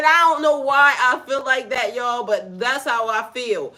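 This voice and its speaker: A woman with a grown son telling a story to her viewers in a blunt, profane, animated way, full of asides. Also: high voice, takes it slowly. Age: adult with a son. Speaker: spiritual vlogger. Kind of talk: casual storytime rant.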